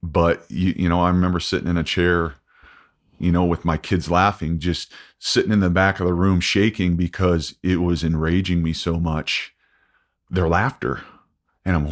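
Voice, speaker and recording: Deep voiced guy in his 40s on a podcast, lots of restarts and um's, talking it through slow. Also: steady tone. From United States. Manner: halting, many restarts and fillers, quoting himself. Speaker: podcast guest. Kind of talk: candid interview.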